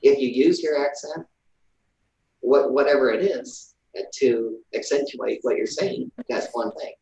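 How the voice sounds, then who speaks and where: A man's voice: mid-range voice, a little slow, creaky, dark tone. A man in a casual panel discussion who speaks reflectively and stammers over repeated words. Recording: echoey, from far off the mic.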